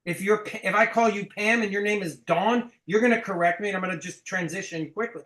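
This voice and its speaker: A man's voice: high-pitched, brisk, hardly any pauses, fairly bright tone, echoey room, rough recording. A man coaching a sales team, blunt and emphatic, swearing casually as he explains.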